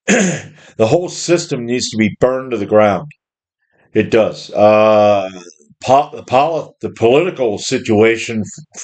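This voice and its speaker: A man's voice: mid-range voice, a little mellow. A middle-aged man ranting angrily about his job and the system, profane and rambling. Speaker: worker ranting about jobs. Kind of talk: angry monologue rant.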